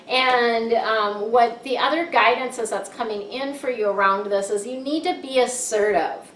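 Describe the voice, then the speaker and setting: A woman's voice: fairly high pitch, normal speed, hardly any pauses, a bit bright, a little hiss or hum. A woman giving a casual, upbeat monthly tarot reading who often checks in with "right?". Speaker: tarot card reader. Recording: echoey room, mic set far off.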